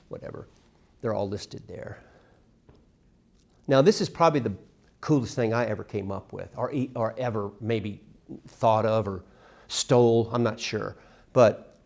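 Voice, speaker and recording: A middle-aged man teaching a casual songwriting workshop, acting out lyric lines with lively emphasis. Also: medium pitch, gravelly. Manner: animated, sings and acts out lyric examples.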